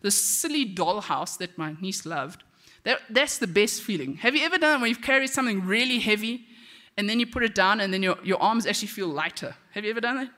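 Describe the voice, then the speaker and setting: A woman delivers a devotional message in a relaxed, conversational way. Her voice is bright and forward. She tells personal stories with friendly asides to her listeners. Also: mid-range voice, fairly quick. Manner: chatty storytelling with frequent "okay?" asides. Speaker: devotional speaker.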